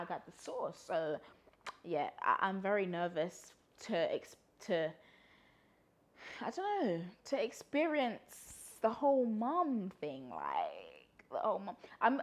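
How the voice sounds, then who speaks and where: A young woman talks straight to camera in a casual Q&A monologue. Her voice sits a little low for a woman. She rambles warmly with plenty of fillers and laughs. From London, UK. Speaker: vlogger.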